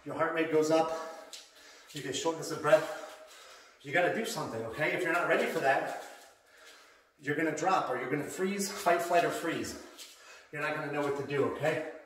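A man's voice: fairly high pitch, normal speed, pauses often, a bit bright, slight background noise. A middle-aged man teaching self-defense in a blunt, emphatic way, ending his points with "okay?". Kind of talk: instructional workout video. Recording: very echoey room, mic far off.

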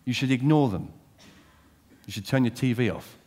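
A man preaching a sermon, animated and direct, asking his listeners questions and swinging from loud emphasis to quiet intensity. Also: medium pitch, moderate pace, husky.

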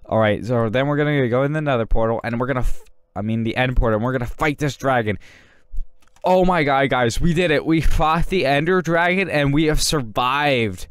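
A man parodying a hype gaming YouTuber, rushing through his lines and saying "guys" constantly. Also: mid-range voice, clear, resonant tone, no room sound, clean studio sound, close to an everyday voice. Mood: excited. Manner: rushed, says "guys" constantly.

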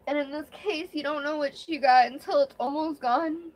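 A woman's voice: high voice, fairly even intonation, normal speed. A young woman vlogger talking candidly in a rambling, emotional way during her first live stream. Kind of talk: casual live-stream chat.

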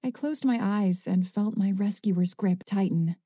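A woman narrating a first-person audiobook in a measured, even storytelling manner, close to a studio mic. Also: mid-range voice, slightly rough, no room sound.

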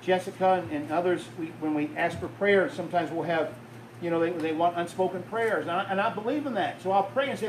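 This sermon comes from a pastor whose voice is pitched high for a man, speaking fairly quickly as he spins a story that builds and then sinks low. He's captured from afar in a reverberant church sanctuary, with faint ambience and a little hiss or hum.

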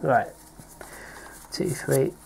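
This British man draws out his words in a darkish tone while opening card packs as co-host. The chat is casual and playful, with names read aloud between little laughs.

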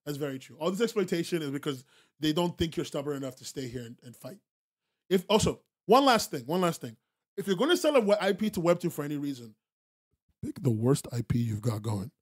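A man's voice: fairly high pitch, big pitch swings, brisk, breathy edge. A man hosting a podcast, talking bluntly and casually to his stream chat, swearing freely and repeating himself for emphasis, laughing often. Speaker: podcast host.

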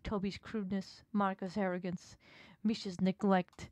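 A woman voicing a sinister sea monster in a game, reading its lines with a slow, gloating, mocking delivery. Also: mid-range voice, flat delivery, a little mellow, no echo, natural voice. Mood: taunting. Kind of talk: reading a game's dialogue aloud.

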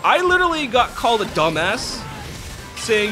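A man's voice: sits high, a little fast. A young man hosting a gaming let's play, ranting with exasperation and tossing in "right?" again and again. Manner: animated, exasperated ranting with many "right?" asides. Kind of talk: ranting gameplay commentary. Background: game music.

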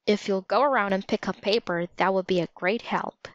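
A woman's voice: medium pitch, a little fast, no echo, close to an everyday voice. A woman reading the lines of an upset grown man who talks shakily when distressed. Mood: worried. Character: upset adult man, museum planner. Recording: slightly dull lo-fi recording.

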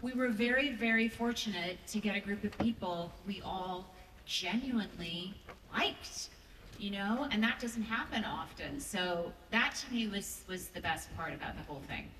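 A woman's voice: medium pitch, moderate pace, background noise. A woman answering a fan question on a convention panel, sincere and earnest. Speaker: panel guest actor. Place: large convention hall. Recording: echoey hall recorded from far off.

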